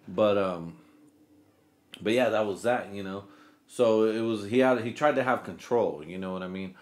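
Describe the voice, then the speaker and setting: A man's voice: on the low side, moderate pace. Comedy podcast host, male, loose and profane, rambles and does goofy quote voices.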